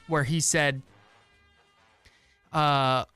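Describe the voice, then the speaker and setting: A man's voice: fairly high pitch, fairly even intonation, very slow, sharp tone, clean tone, dry recording, soft background music. A man co-hosting a sports radio show who argues his points and jokes around. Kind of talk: casual sports talk.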